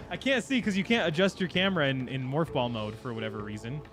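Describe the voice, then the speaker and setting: A man's voice: medium pitch, lively intonation, fairly quick, fairly bright tone, soft background music. A man chatting casually with his viewers while he streams a game. He rambles and laughs often. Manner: talks to chat while playing. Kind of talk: casual live gameplay chat.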